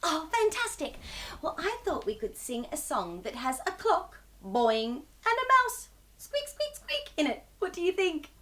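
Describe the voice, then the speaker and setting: A woman's voice: high-pitched, very animated, normal speed, sharp tone. A young woman hosting a children's storytime, bubbly and sing-song, talking to young viewers as if they answer back.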